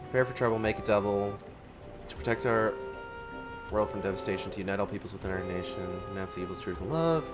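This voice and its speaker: A woman's voice: a bass voice, quick pace, loud music behind the voice. A woman voicing a brash, scheming male cartoon cat, reading game dialogue in a nasal, brassy put-on voice. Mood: theatrical.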